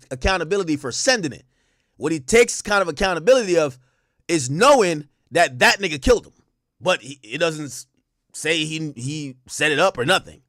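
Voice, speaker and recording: High-voiced man in animated slangy commentary. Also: dry recording, studio quality. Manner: animated, slangy, repeats points for emphasis. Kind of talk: casual commentary on court testimony.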